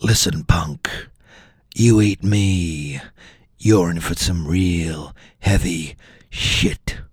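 A man voicing a menacing tough-guy cereal box that talks in a gruff, threatening growl, much lower than his own voice. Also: extremely slow, darkish tone, no echo, studio quality, full character voice.

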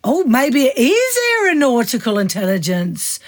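A woman's voice: a little high, sing-song, normal speed. A woman playing a daft, hard-working male Cockney chimney sweep who mishears words. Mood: muddled. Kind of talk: comedy double act.

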